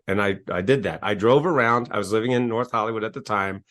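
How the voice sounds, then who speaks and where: A man's voice: on the low side, quick pace, hardly any pauses, fairly bright tone. A man, a guest telling a personal story in a conversational interview, earnest and emphatic, often repeating his words. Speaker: guest, coach and author.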